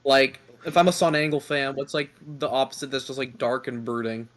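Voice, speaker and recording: A man's voice: medium pitch, a little fast. A young man hosting a casual podcast, joking and rambling, a little self-deprecating, speaking into a remote call mic. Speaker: podcast host.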